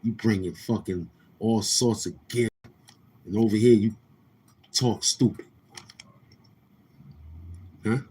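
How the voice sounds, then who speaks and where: A man's voice: lowish voice, fairly even intonation, slow, pauses often, a little mellow, slightly rough. A man hosting a livestream, ranting loosely with restarts and mocking quoted voices. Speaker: livestream host. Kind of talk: casual livestream rant.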